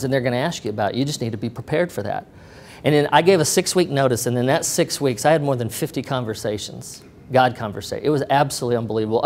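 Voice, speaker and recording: Middle-aged man telling a lively story. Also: medium pitch. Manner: animated, acts out the voices of others in the story. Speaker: speaker sharing a testimony. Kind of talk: storytelling talk to an audience.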